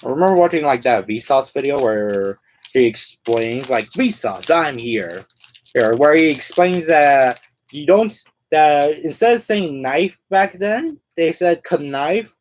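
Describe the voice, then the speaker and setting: A man's voice: fairly high pitch, animated, measured pace, darkish tone, slight background noise. A man on a casual live stream who thinks aloud as he assembles a toy figure. He rambles and fills his talk with "like" and "and all that".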